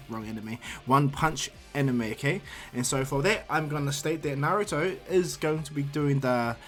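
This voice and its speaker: A man's voice: fairly high pitch, fairly bright tone. A man casually narrating his own fan story, rambling and checking in with listeners. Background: faint music.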